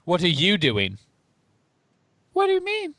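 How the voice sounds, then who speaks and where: Brief: anxious teen girl witch, played by a man in a very high squeaky falsetto. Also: wildly swooping pitch, measured pace, a bit bright, dry recording, exaggerated voice. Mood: pleading.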